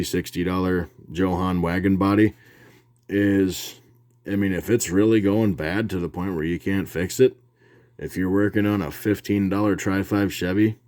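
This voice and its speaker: A man's voice: sits low, a little mellow. A man talking casually about his hobby in his home workshop, rambling and plain-spoken with frequent restarts. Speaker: hobby video host. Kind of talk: casual how-to talk.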